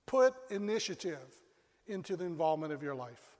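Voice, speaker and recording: Pastor preaching, highish voice, lots of hall reverb, pauses then goes quiet for effect. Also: male voice, big pitch swings. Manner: storytelling with dramatic pauses and drops to a hush. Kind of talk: sermon. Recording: long reverb of a large hall.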